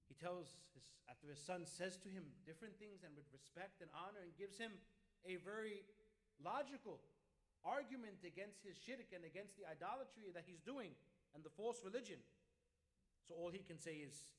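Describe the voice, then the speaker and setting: A man giving an earnest Quran commentary as an imam in a mosque, now and then acting out quoted lines with loud bursts. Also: sits high, normal speed. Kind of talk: mosque sermon.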